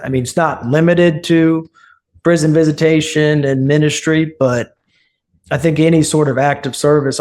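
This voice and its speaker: A man of middle pitch speaks as a podcast guest, earnest and unhurried in his storytelling. He slips into the voices of the people he quotes, then returns to his own even tone. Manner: earnest, acts out quoted speech. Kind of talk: casual storytelling interview.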